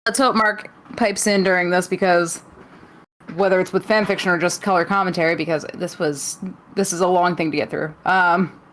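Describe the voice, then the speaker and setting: A woman's voice: on the low side, steady tone, normal speed, fairly bright tone, poor audio. A woman co-hosting a podcast, teasing and stubborn while recapping a wrestling show in casual chat. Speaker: podcast co-host.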